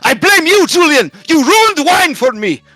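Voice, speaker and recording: A man voicing a bitter tavern patron, a spoiled male wine snob, shouting and whining. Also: very high voice, very animated, unhurried, dry recording, soft background music, voice pushed up, heavily acted. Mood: furious.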